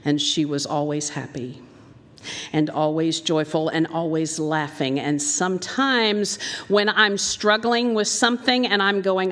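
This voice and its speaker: Preaching at a measured pace, a Southern American woman minister with a fairly low, fairly bright voice animatedly tells stories, performing the voices she quotes. Her sermon takes place in a church sanctuary and is recorded with long hall reverb.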